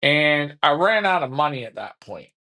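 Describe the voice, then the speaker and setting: A man's voice: a little high, very animated, normal speed, sharp tone. Trash-talking man hosting. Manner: taunting, repetitive trash talk. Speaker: pigeon racing show host. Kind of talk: casual livestream talk.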